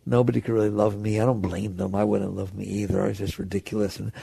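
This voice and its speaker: A man voicing an anxious, self-doubting inner voice in a hushed, low, deflated mutter. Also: level tone, fast talker, vocal fry, breathy edge, dry recording, heavily acted. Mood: self-pitying.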